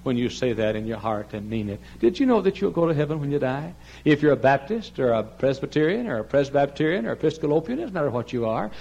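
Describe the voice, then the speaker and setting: Impassioned older preacher, pleading then shouting. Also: male voice, medium pitch, very animated, fast, gravelly, hardly any pauses, breathy edge, dull audio. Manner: impassioned preaching that swings from soft pleading to loud cries. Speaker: pastor. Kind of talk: sermon. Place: large church sanctuary.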